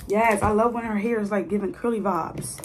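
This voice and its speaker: A chatty young woman talks straight to her viewers as she styles a mannequin's hair, playful and easygoing. Her voice sits at an ordinary pitch, and a faint hiss runs under the phone recording. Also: fairly even intonation, brisk. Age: 20s. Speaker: hair vlogger. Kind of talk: casual chat while styling a mannequin's hair. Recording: phone video with faint noise.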